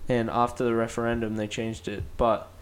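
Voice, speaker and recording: A man co-hosting a podcast, chatting casually and jumping in with quick reactions. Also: mid-range voice, level tone, slight background noise. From Australia. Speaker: podcast co-host. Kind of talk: casual chat.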